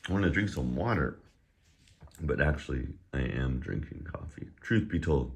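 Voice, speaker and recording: A middle-aged man teaching a casual online Chinese lesson, chatty and joking, who drills syllables louder and higher while his voice gets tired. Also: expressive, moderate pace, vocal fry. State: voice getting tired.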